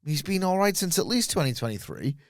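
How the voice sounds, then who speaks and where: A man's voice: high-pitched, very animated, fairly quick, dry recording. Wisecracking guy on a wrestling podcast, teasing himself, dry mic. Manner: wry, self-mocking jokes. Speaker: podcast co-host. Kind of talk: casual banter.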